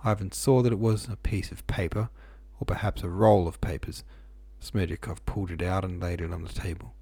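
A man reads a novel aloud in a steady, even manner. His voice is low and mellow. The sound is dry and close, with no room around it. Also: brisk, creaky, husky, dry recording. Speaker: audiobook reader. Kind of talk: novel narration.

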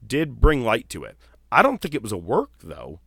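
A man hosting a casual wrestling podcast, telling stories in a profane, animated way. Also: mid-range voice, normal speed, creaky, slightly rough, no echo, clean studio sound. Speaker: podcast host.

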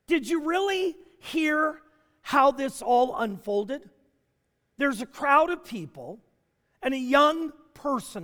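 A man preaching a sermon as a pastor, animated and full of rhetorical questions. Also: extremely high pitch, big-room sound.

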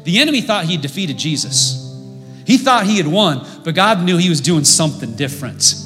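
A man preaching a sermon as pastor, impassioned, building to loud emphatic peaks. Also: fairly high pitch, very animated, moderate pace. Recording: long reverb with faint music.

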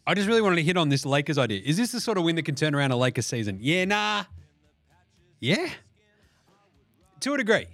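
Man, podcast host, sarcastic, swears freely, lively swinging pitch, fairly high voice, dry close sound. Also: fairly quick, pauses often, no echo, faint music behind. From Australia. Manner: profane, sarcastic, animated. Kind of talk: solo sports podcast rant.

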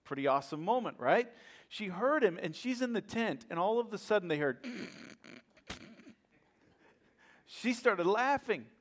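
Higher-voiced male pastor preaching. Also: moderate pace. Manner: lively storytelling, often asks "right?"; acts out quoted voices with bursts of laughter. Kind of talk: sermon.

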